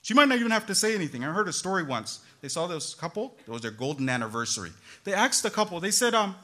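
A woman lecturer delivering a religious talk to a gathering. Her voice swings widely in pitch and rings bright and forceful. She talks straight to her listeners, dropping in frequent asides. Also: big pitch swings, quick pace.

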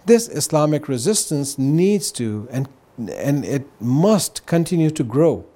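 Earnest male guest, mellow timbre, slightly high-pitched, explains at length with frequent "right?". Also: big pitch swings, unhurried. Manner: earnest, explanatory, peppered with "right?" and "you know". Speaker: guest on a religious talk show. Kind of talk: casual explanatory talk.

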